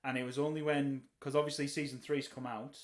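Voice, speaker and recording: A man's voice: medium pitch, fairly quick. A middle-aged man co-hosting a casual podcast chat, telling stories animatedly and acting out the voices of people he quotes. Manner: animated storyteller who acts out quoted conversations. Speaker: podcast co-host.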